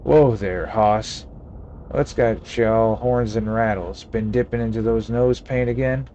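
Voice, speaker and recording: Folksy drawling old cowboy, low-voiced, a man puts it on. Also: fairly even intonation, a little slow, warm tone, highs cut off, a little hiss or hum, lightly acted.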